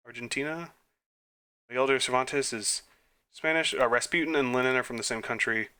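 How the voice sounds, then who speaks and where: A man's voice: medium pitch, pushed and bright, smooth. A man playing an online trivia quiz and thinking aloud, muttering answers, breaking into flustered outbursts and mocking himself. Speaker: gaming YouTuber. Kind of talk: quiz playthrough commentary.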